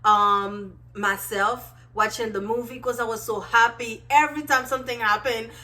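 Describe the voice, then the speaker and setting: A woman's voice: fairly high pitch, moderate pace. Bubbly young woman gushing about a movie. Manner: gushing, animated, many fillers and exclamations. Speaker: vlogger reviewing a movie. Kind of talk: excited casual movie review.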